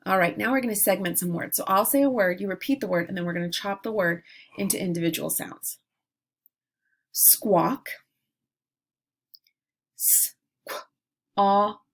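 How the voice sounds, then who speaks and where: A woman teacher leading a phonics lesson, saying words and breaking them into sounds slowly and clearly. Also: medium pitch. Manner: slow, clearly segmented sounds. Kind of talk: phonemic awareness lesson.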